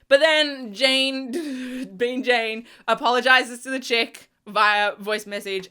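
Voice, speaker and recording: A woman's voice: a little high, bright, forceful tone, clean tone. A woman reviewing a TV episode in casual chat, gushing and emotional, laughing and swearing, with lots of "like" and restarts. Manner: fillers like "like" and restarts. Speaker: TV review vlogger.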